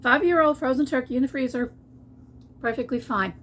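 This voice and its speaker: A woman's voice: high voice, fairly quick, fairly bright tone, slight background noise. A woman, chatting folksily in her home kitchen for a cooking vlog. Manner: chatty, folksy, restarts often. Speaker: cooking vlogger.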